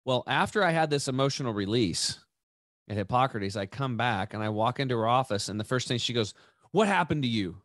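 A man's voice: mid-range voice, brisk, no echo, studio quality. A man hosting a podcast, telling a personal story casually, with frequent restarts and asides like "right" and "dude". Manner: rambling, animated, repeats and restarts, says "dude" and "right". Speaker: podcast host.

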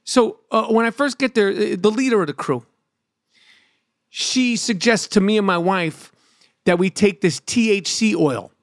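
A middle-aged man, telling a profane, animated story as a podcast host. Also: high-pitched, unhurried, no echo, studio quality. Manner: animated, brash, lots of swearing.

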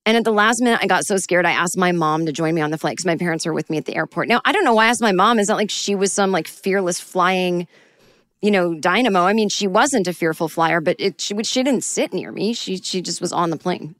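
A woman telling a personal story in a casual, animated way, mocking herself and acting out the people in it. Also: fairly low pitch, fairly quick, no room sound, clean studio sound. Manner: animated, self-mocking, acts out quotes. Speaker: storyteller guest.

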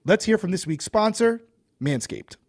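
A man hosting a relaxed podcast with an easygoing, chatty manner. His voice sits a little higher than most men's. He laughs often and leans on fillers as he talks. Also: moderate pace, slightly rough. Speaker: podcast host. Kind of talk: casual podcast chat.

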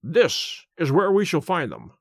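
A man reading the part of a calm, incisive detective, measured and quietly assured, slowing down on key points. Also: on the high side, vocal fry, dry recording, clean studio sound, heavily acted. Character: calm, incisive male detective, middle-aged. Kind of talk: audiobook character reading.

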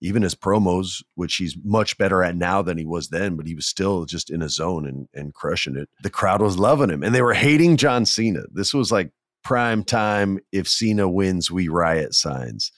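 A man's voice: sits low, moderate pace, fairly bright tone, no echo, studio quality. A man hosting a podcast, telling a long story casually with rambling, joking asides. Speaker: podcast host.

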